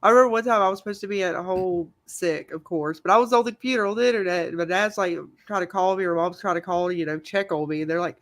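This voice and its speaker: Animated co-host, reads viewers' comments, chatty storyteller. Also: mid-range voice, quick pace, hardly any pauses. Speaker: co-host reading chat comments. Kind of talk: casual chat.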